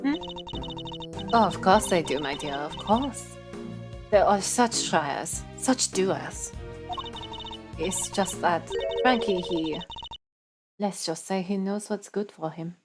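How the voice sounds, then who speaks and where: A woman voicing a doting, pompous female prison warden with a put-on vague Russian accent, theatrical and drawn-out. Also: fairly low pitch. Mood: gushing. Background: game music.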